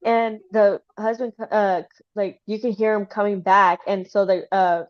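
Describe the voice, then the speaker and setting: A woman hosting a casual chat, retelling a story in an animated way with many "like" fillers. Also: medium pitch, moderate pace. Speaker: host. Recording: slightly dull lo-fi sound.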